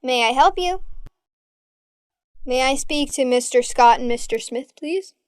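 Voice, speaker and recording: A high-pitched woman reads short everyday English dialogues for beginners. She speaks slowly and clearly, taking each part in turn so learners can repeat after her. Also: no echo, clean studio sound. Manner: slow, clear, evenly paced reading of both parts in short dialogues. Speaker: English teacher. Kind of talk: reading dialogues for listen-and-repeat practice.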